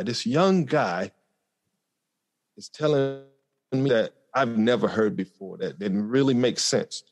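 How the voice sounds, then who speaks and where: A man speaking as a podcast guest, telling a personal story in an earnest, reflective way with frequent pauses and fillers. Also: mid-range voice, a little mellow. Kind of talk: conversational storytelling.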